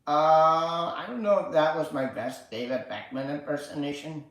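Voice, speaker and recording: A man's voice: on the high side, normal speed, fairly bright tone. A man hosting a casual livestream, rambling and swearing with lots of filler words. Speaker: livestream host. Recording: very echoey room.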